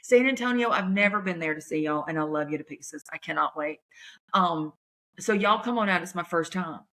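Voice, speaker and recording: A woman comedian, talking in a chatty, folksy, animated way on her podcast. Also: lowish voice, a little fast. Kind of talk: casual chat.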